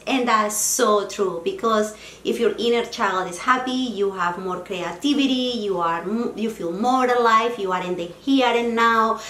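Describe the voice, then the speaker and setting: A woman in her forties speaks with a Spanish accent, earnest and heartfelt as she shares personal advice in a vlog. Her voice sits at a middle pitch. The room is echoey, with a faint hum of ambience behind her. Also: fairly bright tone. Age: 40s. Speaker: vlogger. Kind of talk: personal self-help vlog.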